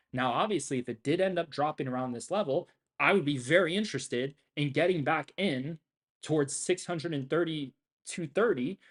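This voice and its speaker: A brash young man commentating his own live trading stream. He swears constantly and rants with boastful confidence, repeating himself to drive each point home. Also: mid-range voice. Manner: brash, profane and boastful, ranting.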